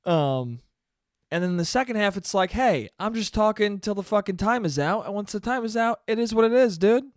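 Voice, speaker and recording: At a normal speed, a young man whose voice sits high rants through his casual solo podcast, swearing and mimicking people in quoted asides as he acts out exchanges. He records himself on camera in a small room, and the sound is dry and studio-clean.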